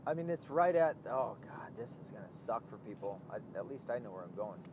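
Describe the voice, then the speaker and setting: A vlogger with a mid-range voice talks fairly quickly while driving, rambling, swearing and losing his train of thought. He's inside a car on the road, with steady road noise throughout.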